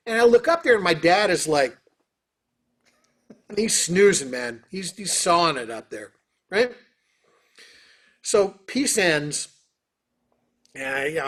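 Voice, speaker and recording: A man, a guest on an interview, telling stories and answering questions in an animated, casual way over a video call. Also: a little high. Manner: animated, lots of fillers. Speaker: orchestra trumpeter, interview guest. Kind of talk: casual storytelling.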